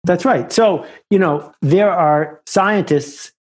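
A man's voice: high-pitched, takes it slowly, a little mellow. Man telling stories in an interview. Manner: anecdotal, builds stories to a punchline. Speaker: author and guest. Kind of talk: conversational storytelling.

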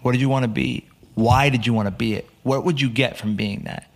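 This is a casual storytelling interview with a young US man as podcast guest, animatedly acting out whoever he's quoting. His mid-range voice moves a little fast and carries vocal fry.

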